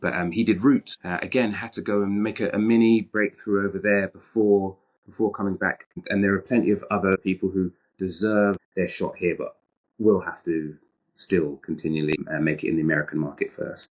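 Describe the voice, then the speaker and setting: A British man with a very low voice talks openly in an interview. He is animated and frank, and he often repeats his opening words before he finishes a thought. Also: brisk. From Britain. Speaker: actor, guest. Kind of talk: candid interview conversation.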